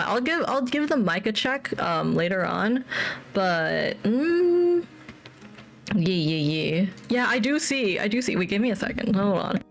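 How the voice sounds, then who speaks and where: A woman's voice: mid-range voice, big pitch swings, measured pace, vocal fry, faint music behind. Young female streamer, loose rambling chat, habitually repeats words. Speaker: livestreamer.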